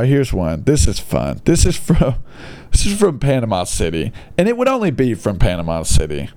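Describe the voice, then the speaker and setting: Sarcastic, animated man ranting. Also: a little high. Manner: exasperated, mocking, mild bleeped-style cursing. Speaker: comedic commentator reading online posts. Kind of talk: sarcastic comedic commentary.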